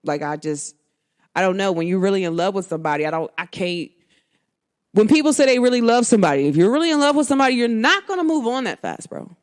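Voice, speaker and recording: A frank, expressive woman talks straight to her podcast listeners in loose, slangy speech at a middle pitch. Her voice rises and dips as she acts out lines from past conversations. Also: fast talker. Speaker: podcast host. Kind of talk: candid monologue to listeners.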